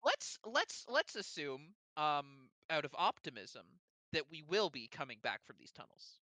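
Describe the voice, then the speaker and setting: A player in a tabletop game on a voice call, talking in an animated, hesitant way that often breaks off and restarts. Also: medium pitch, a little slow, dry recording. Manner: animated, hesitant, self-interrupting.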